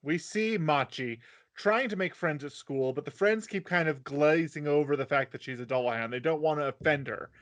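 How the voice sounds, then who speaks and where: Speaking at normal speed, this podcast co-host has a fairly bright voice on the high side. In a casual chat, he explains anime plot points, filling in details and correcting his co-host's recap.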